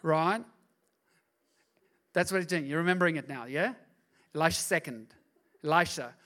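A man with a fairly high voice preaches a sermon in church. He moves between soft, confiding asides and loud, driving exhortation. He acts out the voices in his stories as he goes. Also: normal speed. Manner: acts out voices in quoted dialogue. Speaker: pastor. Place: church service.

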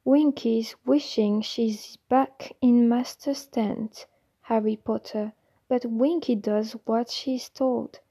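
A woman's voice: steady tone, takes it slowly, warm tone, slightly rough, exaggerated voice, low-quality recording. A woman voicing a timid, anxious female house elf servant who speaks with broken grammar and keeps saying "sir". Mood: anxious deferential. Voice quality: squeaky, quivering.

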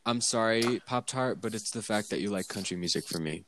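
A man's voice: fairly low pitch, brisk, background noise. A man hosting a podcast in casual chat, teasing his co-hosts like an interviewer. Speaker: podcast host.

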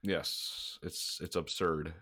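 A man's voice: rumbling low, steady tone, takes it slowly, bright, forceful tone, slightly rough. A man co-hosting a gaming podcast, chatting casually and a little congested, rambling and swearing as he talks. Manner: rambling, swears freely, laughs often. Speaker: podcast co-host.

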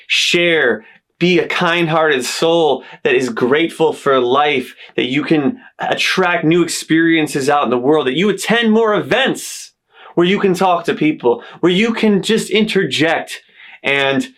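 A man's voice: a little high, a bit bright. A man giving a motivational self-help talk, listing uplifting affirmations in an earnest tone, speaking in a stylized accent he invented for himself.

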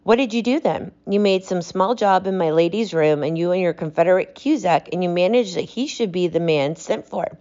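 A woman reading aloud, voicing a calm, stern male detective who speaks with cutting precision. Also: fairly low pitch, brisk, few pauses, dull audio, natural voice. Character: cool, commanding male detective.

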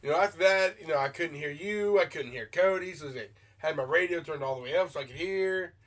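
A man's voice: a little high, a little fast, fairly bright tone. A man hosting a casual podcast, chatting in a loose way and swearing casually. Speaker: podcast host. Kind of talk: casual chat.

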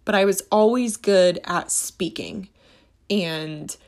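A woman's voice: mid-range voice, takes it slowly, darkish tone. A woman hosting a casual faith-and-money monologue, talking in an earnest, rambling, passionate way.

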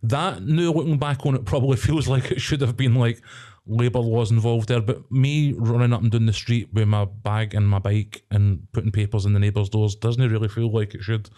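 Mellow-voiced sweary Scottish man. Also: on the low side, moderate pace, hardly any pauses. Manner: sweary, rambling, animated. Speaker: podcast co-host. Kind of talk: casual chat.

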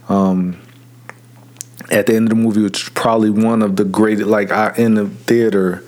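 Opinionated man with a lowish voice. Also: a little mellow. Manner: opinionated, rambling, many fillers and restarts. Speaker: podcast host. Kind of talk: casual solo podcast rant.

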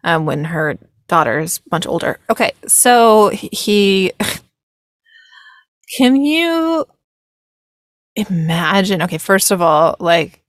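A woman's voice: lowish voice, animated, slow, long pauses, no room sound, clean studio sound. A tired woman hosting a casual film reaction video, rambling, laughing and correcting herself as she goes.

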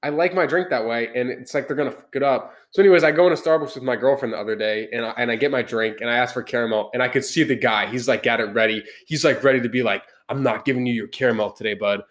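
Fast-talking heated young man ranting. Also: mid-range voice. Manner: heated, animated storytelling. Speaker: podcast host. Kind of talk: casual chat, ranting story. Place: podcast room.

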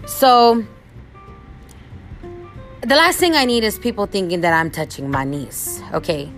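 Animated woman telling a personal story. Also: mid-range voice, measured pace, soft background music. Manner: animated, expressive, acts out quotes. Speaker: podcast host.

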